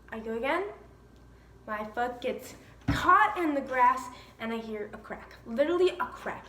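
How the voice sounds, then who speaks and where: High-voiced young woman telling a story. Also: distant mic, a little hiss or hum. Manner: chatty, animated, laughing asides. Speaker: vlogger. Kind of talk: casual storytime. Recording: echoey room with faint ambience.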